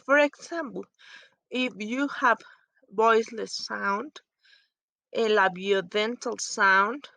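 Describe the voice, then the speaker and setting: A woman whose first language is Spanish, explaining phonetics in halting English as she searches for words. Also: fairly high pitch, bright, forceful tone, dry recording, poor audio.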